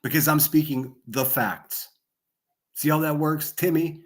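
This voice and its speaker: A man hosting a live stream rants hard, full of profanity and sarcasm. His voice sits somewhat high for a man. He leans into a desk microphone and punches out sudden yelled lines. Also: a little slow. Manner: profane, yelling bursts, sarcastic. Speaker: livestream host. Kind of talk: angry livestream rant.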